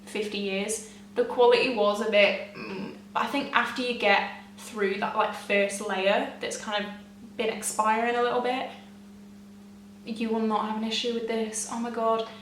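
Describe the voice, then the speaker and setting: A young woman gushing excitedly to camera as a beauty vlogger, chatty and often laughing. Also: a little high, normal speed, slight background noise. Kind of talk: casual chat to camera. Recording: echoey room, mic at a distance.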